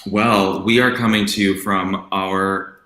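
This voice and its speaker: A man appearing as a guest on an online talk show, relaxed and dry. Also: sits low, slow pace, reverberant. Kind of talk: casual interview chat.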